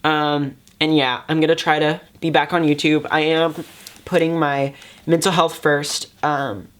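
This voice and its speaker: A man's voice: fairly high pitch, flat delivery, a little slow, fairly bright tone, clean tone. A young man talking casually to his camera as a YouTuber, hesitant and full of fillers, keeping an upbeat tone on purpose. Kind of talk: casual vlog talk.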